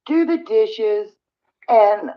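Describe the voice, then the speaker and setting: Over dull lo-fi stream audio, a middle-aged woman of medium pitch draws out her words expressively. She's hosting a casual livestream chat, venting and rambling while sighing frequently.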